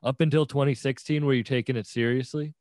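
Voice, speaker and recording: A man hosting a casual interview, asking questions in a relaxed, fan-like way. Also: mid-range voice, quick pace, no echo, studio quality. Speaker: interview host.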